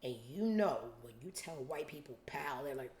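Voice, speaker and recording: A woman's voice: sits low, normal speed. A young adult woman hosting a show, telling a profane story casually and acting out other people's lines in different voices. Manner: animated, profane, acts out quotes in different voices. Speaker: podcast host. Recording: roomy echo.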